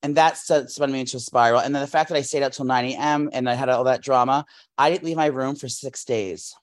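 This podcast co-host is a man in his thirties with a mid-range voice who talks fast. In casual conversation he spins long, rambling, animated stories packed with fillers.

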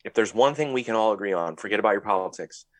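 A man with a fairly low voice co-hosts a casual podcast. He talks bluntly and thinks out loud, swearing freely. The sound is dry and close. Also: expressive, quick pace, no room sound. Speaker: podcast co-host. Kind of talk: casual chat.

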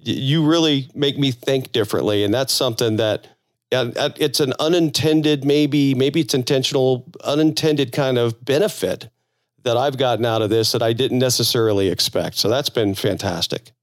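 A man's voice: mid-range voice, moderate pace, no room sound, studio quality. A man co-hosting a podcast, talking in a rambling, earnest way and repeating words as he goes. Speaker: podcast co-host. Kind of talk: casual podcast chat.

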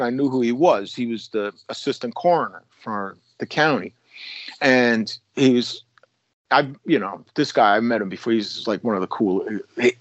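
Rambling ex-cop telling stories, dry audio. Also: male voice, mid-range voice, no room sound, muffled recording. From United States. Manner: rambling, many restarts, acts out quotes. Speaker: former police officer telling stories. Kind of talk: casual storytelling.

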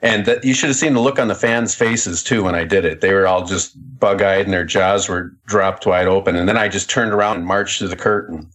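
A man's voice: deep voice, fairly even intonation, brisk, few pauses, fairly bright tone. Wry man telling a backstage story. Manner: wry, builds a story to a punchline. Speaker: guest, former wrestler. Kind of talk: casual anecdote telling.

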